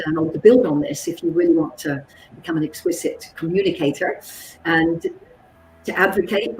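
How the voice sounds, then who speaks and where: Animated woman teaching a workshop. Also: on the low side, recorded from a distance. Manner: animated, checks in with listeners, acts out dialogues. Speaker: psychologist and communications trainer. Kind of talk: workshop talk. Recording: roomy echo with faint background noise.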